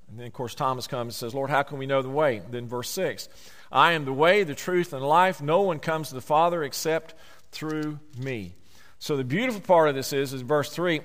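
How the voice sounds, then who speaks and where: A man preaching a sermon, emphatic, slowing down on key words. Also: fairly high pitch, fairly bright tone, in a large hall.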